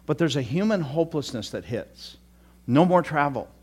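A man's voice: fairly high pitch, lively intonation, normal speed, husky. An older male pastor preaching a conversational sermon with folksy asides and frequent restarts.

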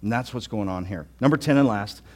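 A middle-aged male pastor with a lowish voice preaches briskly to a live congregation in a church hall. His style is conversational, with frequent repeated and restarted words.

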